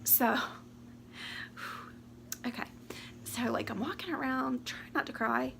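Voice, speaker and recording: Emotional, gravelly-voiced woman vlogger. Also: sits high, a bit bright, slight background noise. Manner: emotional, rambling, talks fast and laughs through tears. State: teary, close to crying. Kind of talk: casual chat to camera. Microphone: camera or phone mic.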